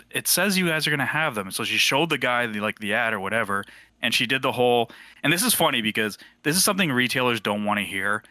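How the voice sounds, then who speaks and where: A man in his thirties casually telling a lively story and acting out the quoted voices. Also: lowish voice, no room sound. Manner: animated, acts out quoted voices. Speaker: team member sharing a memory.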